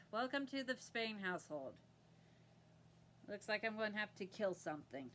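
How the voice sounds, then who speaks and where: A woman's voice: mid-range voice, sing-song, measured pace, a bit bright, a little hiss or hum. A woman hosting her own crafting podcast from home, chatting casually and rambling with frequent laughter. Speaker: podcast host. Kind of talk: casual chat to camera.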